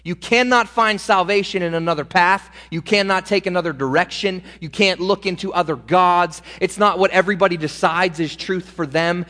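Emphatic high-voiced male preacher. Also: sharp tone. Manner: emphatic, slows and stretches key words. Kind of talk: sermon. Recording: reverberant hall.

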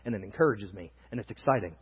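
A young male pastor preaching a sermon, earnest, swinging from loud emphasis to near-hushed confiding, recorded in a church hall. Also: lowish voice, expressive, quick pace. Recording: dull, roomy long reverb, husky.

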